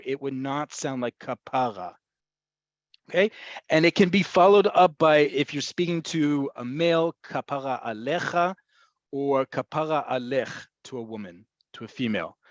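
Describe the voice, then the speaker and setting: A man's voice: on the high side, moderate pace, dry recording. Man teaching over muffled webinar audio. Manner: explanatory, repeats points, addresses folks. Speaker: Hebrew slang teacher. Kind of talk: webinar lesson.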